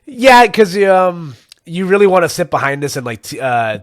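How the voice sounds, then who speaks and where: A man's voice: high voice, sing-song, moderate pace, no echo, clean studio sound. A man co-hosting a podcast in casual chat, rambling with lots of fillers and frequent chuckles. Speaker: podcast co-host.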